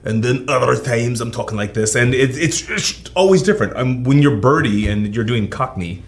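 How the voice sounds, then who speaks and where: A man's voice: mid-range voice, lively intonation, normal speed. A man chatting casually as a guest voice actor in an interview, easygoing and enthusiastic, often repeating himself.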